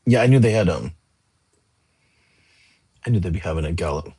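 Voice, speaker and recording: A man's voice: sits low, expressive, moderate pace, dark tone, breathy edge. A young man hosting a casual livestream, chatting and answering viewer comments in a rambling way. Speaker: livestream host. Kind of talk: casual live chat reading comments.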